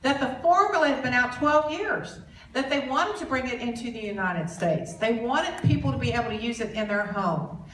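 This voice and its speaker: A woman with a slightly higher voice tells a story to a crowd. She acts out the conversations in quoted voices. The sound comes from a distant mic in an echoey hall, with a faint noise underneath. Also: animated, moderate pace. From Southern US. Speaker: speaker at a business boot camp. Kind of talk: storytelling presentation to an audience.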